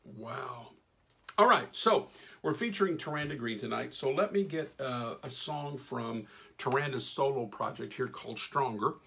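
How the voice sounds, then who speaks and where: Gravelly man hosting a live stream. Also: medium pitch, expressive, normal speed. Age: middle-aged. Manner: folksy, enthusiastic, shout-outs to viewers. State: losing his voice. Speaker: radio host reading live comments. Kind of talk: casual live-stream chat.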